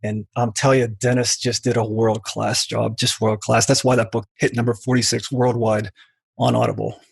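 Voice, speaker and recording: A middle-aged man, a book author, as a podcast guest telling lively stories and acting out the voices in them. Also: medium pitch, moderate pace, vocal fry, slightly rough, no room sound. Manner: animated storyteller who mimics voices in quoted anecdotes. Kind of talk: podcast interview, storytelling.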